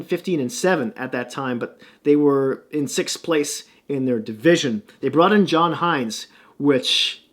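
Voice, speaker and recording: A man talking hockey in a loose, rambling vlog style. His voice sits a little high for a man. He runs through stats and standings, with plenty of ums and restarts. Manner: loose, rambling delivery with many fillers and restarts. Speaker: hockey vlogger. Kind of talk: casual sports commentary.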